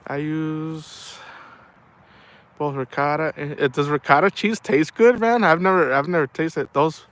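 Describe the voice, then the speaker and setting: A man's voice: a little high, measured pace, a bit bright. A middle-aged man chatting casually on a livestream, telling rambling stories and saying "man" a lot. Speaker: livestream host.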